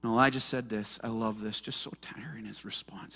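A man's voice: on the low side, steady tone, a little fast, vocal fry, hardly any pauses, sharp tone. A man preaching a sermon as pastor, animatedly acting out the anxious voices of scripture figures. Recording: long hall reverb.

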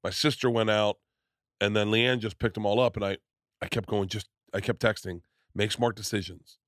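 A middle-aged man as a podcast host in casual chat, telling rambling, animated stories with many restarts. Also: fairly low pitch, moderate pace, dry recording, studio quality.

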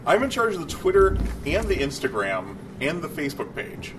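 A man's voice: a little high, big pitch swings, normal speed. A man co-hosting a casual podcast, teasing the others and laughing often. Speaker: podcast co-host. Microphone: handheld field recorder. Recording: distant, noisy amateur recording.

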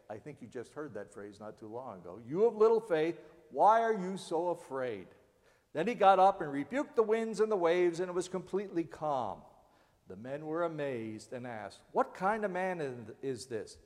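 A man delivers an earnest sermon, reading scripture with feeling. His voice sits a little high. The sound rings with the long reverb of a church hall. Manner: earnest preaching, dramatic readings of scripture and pleas. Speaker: preacher.

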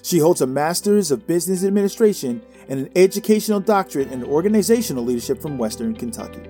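A man's voice: fairly high pitch, lively intonation, fast talker, dark tone, soft background music. A man hosting a podcast, introducing and interviewing a guest with enthusiastic, effusive praise. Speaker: podcast host.

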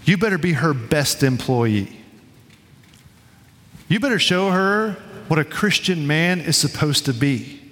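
A man preaching a sermon to his congregation in a relaxed, conversational way, telling stories and acting out quotes. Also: on the high side, measured pace, pauses often, long reverb tail. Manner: conversational, storytelling with quoted voices. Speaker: pastor. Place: church sanctuary.

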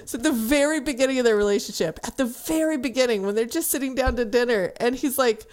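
A woman co-hosting a podcast in casual chat, recapping a romance novel and acting out the characters with big laughs. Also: quick pace. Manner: animated, acts out characters with big pitch jumps and laughter. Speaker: podcast co-host.

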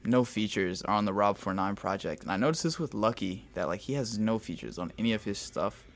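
A man's voice: on the low side, a little fast. Slangy laid-back man on a podcast. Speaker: podcast co-host. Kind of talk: casual chat.

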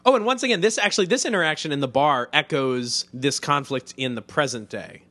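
A man's voice: a little high, fairly quick, sharp tone. Rambling casual man recapping a show. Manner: rambling, many "like" fillers, swears freely. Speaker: podcast co-host. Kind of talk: casual chat recapping a TV episode.

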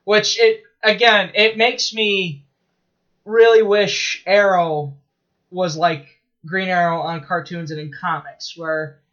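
Rambling excitable male podcaster, high voice, dull lo-fi sound. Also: takes it slowly. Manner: rambling, excitable storytelling with laughs and profanity. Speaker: podcast co-host. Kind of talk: casual chat.

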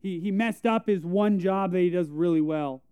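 A male pastor preaching a sermon, retelling a Bible story conversationally and dropping to a hush for emphasis. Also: sits high, moderate pace, clean tone, dry recording.

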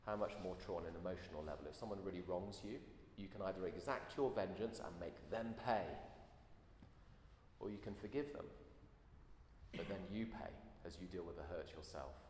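Deep-voiced preacher in an echoey hall. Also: male voice, normal speed, darkish tone. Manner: earnest, rhetorical questions. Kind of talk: sermon. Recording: echoey hall, faint room noise.

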